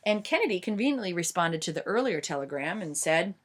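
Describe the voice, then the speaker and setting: Chatty woman teaching history, low-pitched. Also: very animated, a little fast. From United States. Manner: chatty, many fillers and restarts. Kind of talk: informal history lecture.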